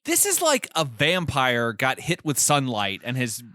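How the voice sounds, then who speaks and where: Bright, lively man recapping a film. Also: mid-range voice, unhurried, no echo, studio quality. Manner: recounts plot with amused laughs. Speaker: podcast co-host. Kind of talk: casual film recap chat.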